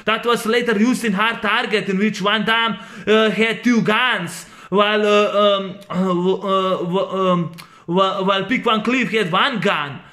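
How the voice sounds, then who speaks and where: Rambling man with a bright voice. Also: high voice. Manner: rambling, halting, many fillers and restarts. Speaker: movie reviewer. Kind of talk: casual spoken film review.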